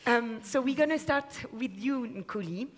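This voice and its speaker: A woman's voice: on the high side, lively intonation, unhurried. A woman with a French accent moderating a panel discussion, talking with enthusiasm and plenty of fillers and restarts. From France. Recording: long hall reverb.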